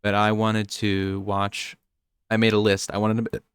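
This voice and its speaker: Unhurried and completely flat in delivery, this young man from the United States co-hosts a podcast, drifting through nerdy subjects and frequently restarting his sentences. His voice is lowish and smooth, recorded in clean studio sound without echo.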